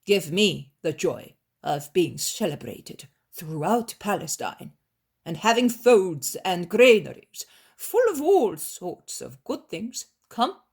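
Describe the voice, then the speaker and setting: A woman voicing a greedy, boastful rich male landowner with a squeaky, shrill voice. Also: very animated, slow, creaky, a little mellow, breathy edge, exaggerated voice. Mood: coaxing. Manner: shrill, pleading and blustering.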